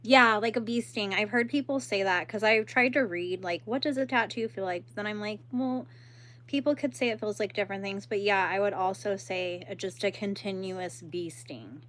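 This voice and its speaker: A woman's voice: mid-range voice, moderate pace, a bit bright. A young woman hosting a crochet livestream, chatting casually and laughing while she answers viewers and works.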